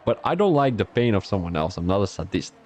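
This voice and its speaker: A man's voice: on the low side, very animated, fast talker, a little mellow. A young man from Belgium, giving chatty live-stream commentary on an online racing league and talking to his chat between calls.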